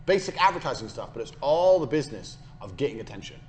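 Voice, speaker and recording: A man's voice: mid-range voice, very animated, fast, a little hiss or hum. A man giving a recorded business lecture as a course instructor. He is brash, profane and hard-selling, and he hammers his points home by repeating them.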